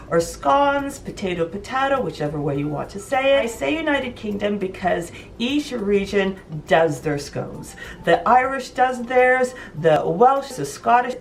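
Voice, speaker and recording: A woman's voice: medium pitch, far from the mic, slight background noise. Enthusiastic woman vlogging in her kitchen. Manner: enthusiastic, emphatic. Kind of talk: chatty cooking vlog. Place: home kitchen.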